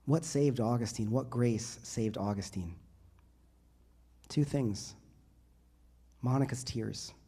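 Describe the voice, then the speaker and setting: Priest preaching with rising emphasis. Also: male voice, medium pitch, slow pace, pauses often, husky. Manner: builds to loud, rising emphasis in repeated phrases. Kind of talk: sermon to a youth group. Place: church.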